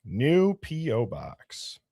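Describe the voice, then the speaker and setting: A man's voice: mid-range voice, huge pitch swings, drawn-out words, vocal fry, dry recording, studio quality. Upbeat man hosting a live stream. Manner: reads out viewer names and chat, bursts of laughter and loud greetings. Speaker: livestream host. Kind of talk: casual live-stream chat.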